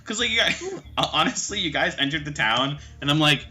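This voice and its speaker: A man running a tabletop game as game master, relaxed and chatty, laughing often as he explains his choices. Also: fairly high pitch, moderate pace, soft background music.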